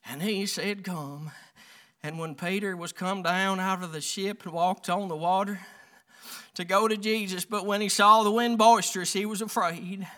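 A man's voice: high voice, fairly even intonation, pushed and bright. A man preaching a folksy sermon, calling the congregation "honey" and reading scripture aloud with small stumbles. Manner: calls listeners "honey", reads scripture aloud haltingly.

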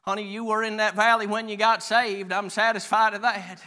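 High, bright-voiced preacher man. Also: level tone. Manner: calls listeners "honey", reads scripture aloud haltingly. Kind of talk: folksy sermon.

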